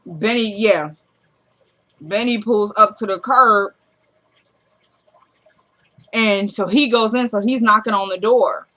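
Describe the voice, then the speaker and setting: A woman's voice: mid-range voice, takes it slowly, long pauses, fairly bright tone. A woman casually recapping a TV drama episode, acting out the characters' lines as she retells each scene. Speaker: show recapper.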